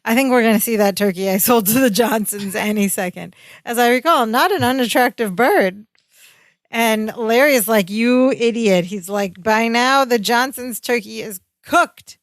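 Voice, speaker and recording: A woman's voice: fairly high pitch, moderate pace, dry recording. Woman retelling a sitcom episode, dry mic. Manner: animated retelling with quoted dialogue. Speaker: podcast co-host. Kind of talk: casual chat recapping a sitcom episode.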